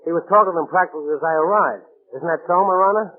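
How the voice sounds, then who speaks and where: A man's voice: a little high, racing, close to an everyday voice. A man playing a jumpy, defensive murderer. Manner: eager, defensive protests. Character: nervous man murderer feigning innocence. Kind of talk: 1940s radio acting. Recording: tinny 1940s radio broadcast.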